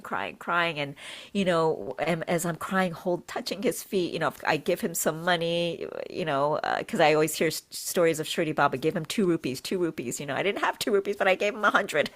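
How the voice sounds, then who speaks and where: A woman, a healer and podcast guest, earnestly recounting a personal spiritual experience, repeating phrases for emphasis and acting out what was said. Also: deep voice. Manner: animated, acts out her own and others' words. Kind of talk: emotional personal storytelling.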